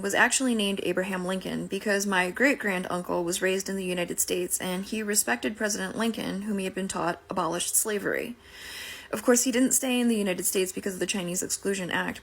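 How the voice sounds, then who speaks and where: A woman speaking earnestly in a measured, prepared commentary. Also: mid-range voice, a bit bright. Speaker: advocate speaking to camera. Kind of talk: prepared commentary with read quotation.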